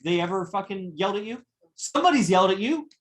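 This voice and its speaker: A man's voice: high-pitched, lively intonation, quick pace. A man giving a live classroom lecture, confrontational and profane as he berates a student.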